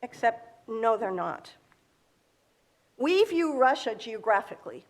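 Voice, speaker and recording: A woman's voice: a little high, sing-song, slow. A middle-aged woman giving a sermon in an earnest, explaining way, asking rhetorical questions. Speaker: speaker at a congregation.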